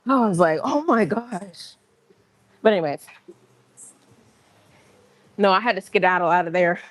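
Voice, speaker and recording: A woman's voice: on the low side, moderate pace, dry recording. A woman chatting casually on a livestream from the gym, telling stories in slang with laughs and acting out other people's lines. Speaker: livestream host.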